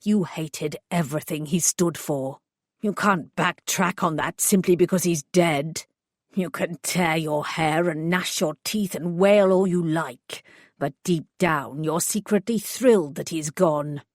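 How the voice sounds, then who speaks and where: A sneering, blustering old male vicar, as a woman reads him for an audiobook. His voice sits low against a dry, close sound, his contempt pressed out in clipped lines. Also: unhurried, no echo. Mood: contemptuous. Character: spiteful older male retired vicar. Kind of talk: audiobook character voice.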